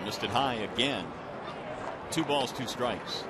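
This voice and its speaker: A man doing baseball play-by-play from a stadium booth, calm between pitches and rising sharply on big plays. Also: slow. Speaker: play-by-play announcer. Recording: broadcast with loud stadium crowd and noise. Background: loud ballpark crowd.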